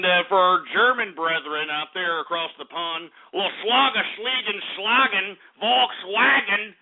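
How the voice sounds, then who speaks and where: A man hosting a radio market report, loud and crude, swearing and ranting at his listeners between stock figures. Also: fairly high pitch. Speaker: radio show host. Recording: tinny phone-like lo-fi audio.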